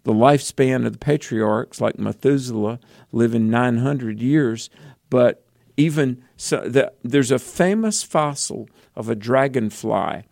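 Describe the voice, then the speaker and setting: A man's voice: mid-range voice, measured pace, vocal fry, darkish tone, dry recording. Male radio co-host, earnest explainer, dry close sound. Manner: earnest, explanatory, with frequent fillers. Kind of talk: Christian call-in radio talk.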